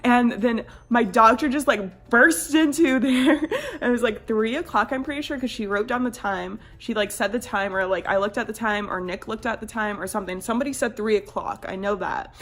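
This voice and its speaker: A woman in her twenties tells a birth storytime on her vlog in a casual, chatty style, packed with "like" fillers and lively quoted voices. Her voice is fairly high and a little fast.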